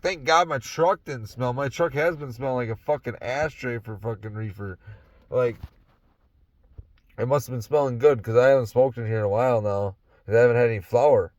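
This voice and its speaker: Recorded on a phone or camera inside his parked truck, a young Wisconsin podcast host talks loosely and with plenty of swearing about his life, breaking into laughter between thoughts. He has a mid-range, slightly mellow voice at a moderate pace, and there's no room sound.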